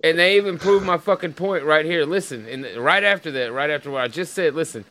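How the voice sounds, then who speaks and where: On a rough recording, a podcast host with a voice on the high side talks briskly and sharply with few pauses. His online show is loose and crude: casual chat, fillers, laughs, and an article read aloud over a call.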